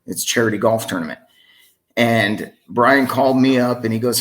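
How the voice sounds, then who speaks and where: A middle-aged man, a singer, telling a story in a casual podcast interview, lively and acting out the voices in it. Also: medium pitch, normal speed. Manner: animated, acts out the voices in the story he tells. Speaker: singer and sound engineer.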